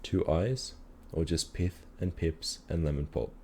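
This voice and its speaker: A man calmly reading a children's story aloud in a measured storytelling manner. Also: sits low, a little hiss or hum. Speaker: reader.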